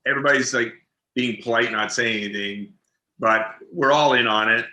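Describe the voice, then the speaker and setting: A man, an actor and interview guest, chatting casually and telling animated stories, laughing often and repeating words as he goes. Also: medium pitch, normal speed. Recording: roomy echoey room sound.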